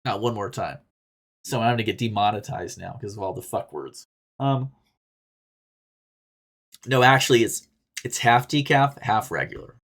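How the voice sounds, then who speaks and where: A man with a lowish voice hosts a casual podcast, reading listener posts at a moderate pace and pausing often. His advice is candid and rambling, full of swearing and laughter, and he's animated, swinging between loud bursts and quiet asides.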